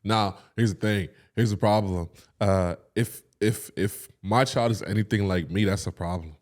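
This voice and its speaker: A young man co-hosting a podcast in casual chat, reacting with animated exclamations and laughing easily. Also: on the low side, moderate pace. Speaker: podcast co-host.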